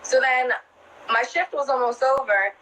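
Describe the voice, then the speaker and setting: A bright, higher-voiced young woman telling stories as a guest, loose and profane, with a laugh breaking through and "like" in every other phrase. Faint noise hums behind her. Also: unhurried, poor audio. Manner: profane, laughing, lots of "like" fillers. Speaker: guest, club dancer. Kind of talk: casual storytelling.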